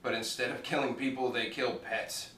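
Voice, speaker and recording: A man's voice: mid-range voice, fairly even intonation, normal speed, pushed and bright. A man giving a casual, rambling review, swearing freely and laughing at his own jokes. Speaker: TV show reviewer. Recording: echoey room, distant mic, faint noise.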